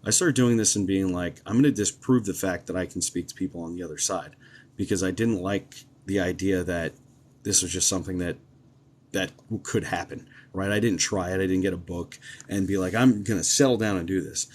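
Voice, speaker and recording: A man with a notably low-pitched voice talks to his live-stream viewers in an easygoing, rambling way. He leans on fillers like um and uh as he tells stories as a psychic medium. His delivery is conversational and unscripted. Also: a little fast. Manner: chatty, relaxed, many ums and uhs. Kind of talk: casual live-stream chat and storytelling.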